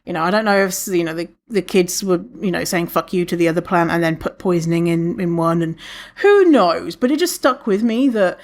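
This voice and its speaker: A woman hosting a podcast alone, chatting casually, swearing freely and laughing often, with many restarts. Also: a little fast. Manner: animated, lots of restarts, acts out quotes in a higher voice. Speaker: podcast host. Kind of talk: casual solo podcast talk.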